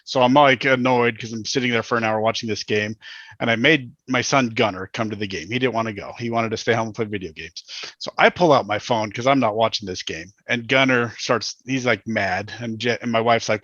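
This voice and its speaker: A man's voice: medium pitch, brisk, fairly bright tone, no room sound, muffled recording. A man in his thirties co-hosting a podcast, chatting casually and telling stories bluntly, with restarts. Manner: blunt, storytelling, rambling with restarts. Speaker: podcast co-host. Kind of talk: casual chat.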